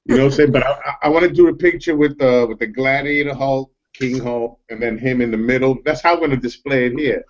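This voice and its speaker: A man's voice: medium pitch, fast talker, few pauses. A man from New York talks casually with friends over a call. His voice sits mid-range, and he strings thoughts together loosely, repeating himself and dropping "bro" everywhere. The audio is dull and lo-fi. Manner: loose, repetitive, says "bro" a lot. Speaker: collector on a group video chat. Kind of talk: casual chat.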